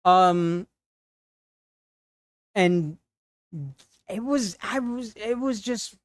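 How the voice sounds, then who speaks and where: A man on a livestream retelling an upsetting encounter in a halting, shaken way, with many restarts. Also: high-pitched, no echo, studio quality. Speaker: streamer. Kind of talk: casual storytelling on a livestream.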